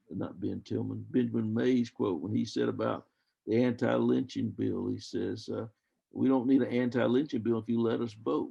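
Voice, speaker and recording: An older man talks through history as a guest on a video call, thinking aloud and circling back on himself. His voice is heavily gravelly and husky, with a dark, mellow tone. The sound is dull and lo-fi, as over a call. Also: medium pitch. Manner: rambling, thoughtful, with many restarts.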